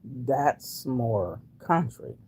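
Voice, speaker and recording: A woman's voice: rumbling low, sing-song, very slow, darkish tone, husky. A woman in her sixties from Wilmington, Delaware, chatting casually on a livestream and answering viewers in a folksy way. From Wilmington, Delaware, USA. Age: 60s. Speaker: livestream host reading viewer comments. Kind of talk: casual live-stream chat.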